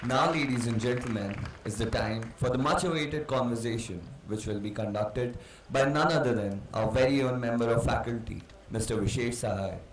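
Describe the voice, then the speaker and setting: A man's voice: mid-range voice, moderate pace, few pauses. A man acting as emcee, making a formal, ceremonious stage announcement. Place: large hall. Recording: echoey hall with faint background noise.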